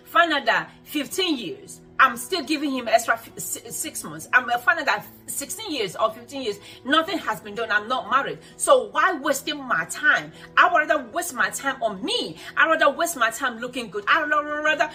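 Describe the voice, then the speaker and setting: A woman with a bright, forceful, slightly high voice gives a motivational talk to women, preachy and earnest. She hammers her points home by repeating them. Soft music plays faintly behind her. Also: lively intonation, moderate pace, hardly any pauses. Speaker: host of a self-help show.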